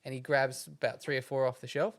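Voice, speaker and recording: A man in his thirties, co-hosting a podcast and telling a rambling anecdote about his kids in a relaxed way. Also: mid-range voice, quick pace, dry recording, studio quality. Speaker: podcast co-host. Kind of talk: casual chat.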